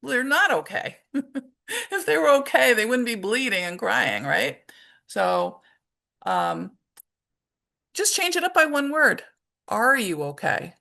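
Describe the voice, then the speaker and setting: A middle-aged woman presenting a parenting workshop in a conversational way, acting out short examples and filling her pauses with "um". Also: a little high, big pitch swings, vocal fry, sharp tone. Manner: conversational, with many fillers and acted-out examples. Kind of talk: informal presentation talk.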